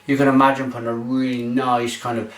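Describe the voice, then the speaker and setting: A man's voice: medium pitch, little pitch movement, brisk. Chatty man reviewing beer in an echoey room. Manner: chatty, enthusiastic, rambling with fillers. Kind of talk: casual tasting review to camera. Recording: roomy echo, mic far off.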